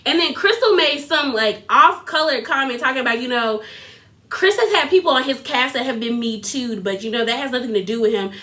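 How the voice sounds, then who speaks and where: A young woman giving a casual, animated recap of a reality TV episode, sassy and quick to laugh. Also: high-pitched. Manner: animated, sassy, laughs often, quotes others in put-on voices.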